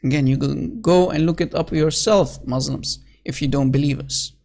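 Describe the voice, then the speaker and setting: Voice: medium pitch, creaky, darkish tone. Scornful speaker reading and mocking old texts. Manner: scornful, sarcastic, quick to sneer; leans on "basically" and "you know". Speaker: online religious critic. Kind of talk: solo commentary reading and mocking religious texts.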